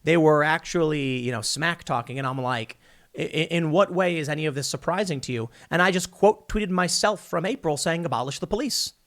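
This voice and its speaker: A man hosting an opinion commentary show, talking in an animated, sarcastic way and mocking opponents in put-on voices. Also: on the high side, fairly quick. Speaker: political commentary host.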